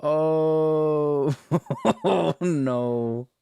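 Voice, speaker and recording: A man's voice: a little high, very slow, gravelly, mellow, smooth, no room sound. A man streaming as he reacts to videos, casual, swearing freely and laughing often.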